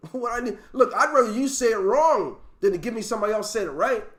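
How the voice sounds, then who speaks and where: A man's voice: sits high, expressive, brisk, a bit bright. A man leading a motivational talk over a video call for his sales team, emphatic and preachy, full of rhetorical questions. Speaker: network marketing team leader.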